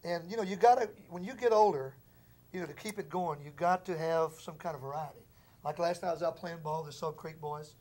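Fast-talking musician man. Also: fairly high pitch. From Texas. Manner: rapid, animated storyteller with a loose drawl. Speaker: musician guest. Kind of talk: casual storytelling interview.

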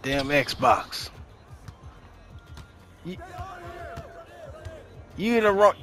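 A man's voice: a little high, animated, very slow, a bit bright, soft background music, exaggerated voice. A man putting on a voice as a cocky, older-sounding streetball trash talker, taunting and boasting profanely over game voice chat.

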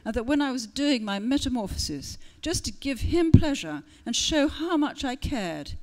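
A heartbroken young mermaid speaks glumly through her pout, voiced by a woman reading her own story. She sounds sulky and close to tears. The voice stays soft and low. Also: animated, normal speed. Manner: glum, pouting, tearful.

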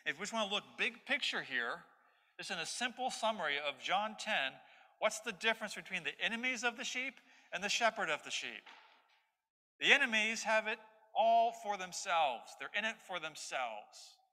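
Male pastor, preaching, emphatic repeated points, raised pitch, reverberant sanctuary. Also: big pitch swings, moderate pace, pushed and bright. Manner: expository preaching, emphatic repetition. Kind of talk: sermon. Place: church sanctuary. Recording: long hall reverb.

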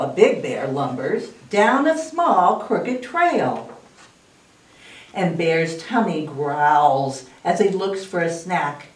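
A woman librarian reads a picture book aloud at a slow, unhurried pace. Her voice rises and falls lively, inviting the children to say the phrase with her. She sounds distant in a roomy, echoey space. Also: low-pitched. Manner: lively, expressive read-aloud, inviting kids to join in.

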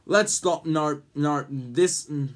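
A man's voice: fairly high pitch, slow pace. A man hosting a casual vlog, rambling with lots of ums and jokey teasing. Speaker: YouTube host.

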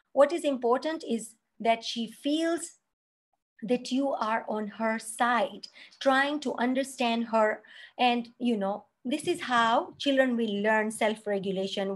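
A woman teaching a parenting class, explaining step by step and acting out example phrases, often checking in with "right?" and "okay?". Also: fairly high pitch. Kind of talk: spoken parenting lesson.

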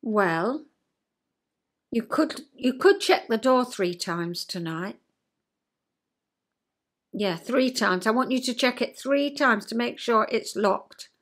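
A woman's voice: on the high side, expressive, slow, pauses often, fairly bright tone, heavily acted. An older woman acting out a fretful frightened inner child. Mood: pleading. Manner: fretful, whimpering, pleading.

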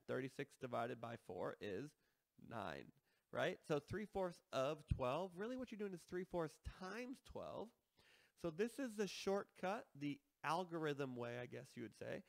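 A man's voice: on the high side, gravelly, dry recording. A man teaching a math lesson, explaining step by step and checking in with listeners as he works through problems.

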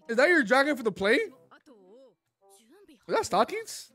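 A channel host giving casual commentary while reacting to an anime, excitable, laughing often and swearing freely. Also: sits high, measured pace, dry recording.

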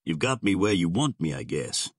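A man's voice: deep voice, big pitch swings, moderate pace, breathy edge, no echo, clean studio sound, heavily acted. A man voicing a greedy, nervous male diamond magnate who blusters when cornered. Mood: blustering.

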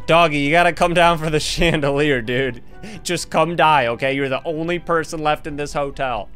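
A man giving casual gameplay commentary as a gaming host, excitable and playful, laughing and trash-talking often. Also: fairly high pitch, clear, resonant tone.

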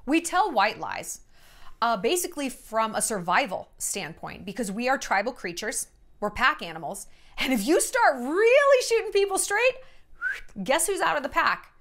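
Chatty sarcastic woman vlogger, lively pitch. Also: normal speed. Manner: chatty, sarcastic, animated quoting of others. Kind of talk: casual storytelling monologue.

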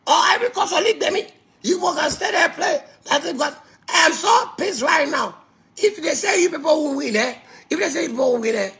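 A woman with a Ghanaian accent delivering a comedic rant, shouting and laughing as she goes. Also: high-pitched, lively intonation, quick pace, gravelly. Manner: ranting, shouting, laughing between lines. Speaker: comedic content creator.

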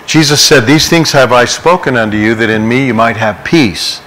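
A man's voice: medium pitch, normal speed, a bit bright, rough recording. A middle-aged man, a pastor leading a Bible study, preaching in an earnest, conversational way and weaving in personal stories. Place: church.

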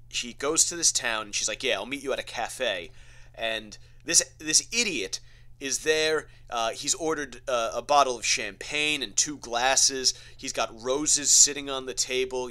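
Guy ranting on his podcast, swears a lot, mocking, rambly, bright voice. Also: medium pitch. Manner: profane, mocking, rambling with fillers. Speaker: podcast host. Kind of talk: comedic storytelling rant.

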